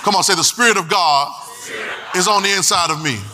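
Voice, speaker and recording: A man's voice: high-pitched, brisk, noisy background. A man pastor preaching a sermon in a church, repeating phrases and singing out lines with emphasis. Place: church sanctuary. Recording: long hall reverb.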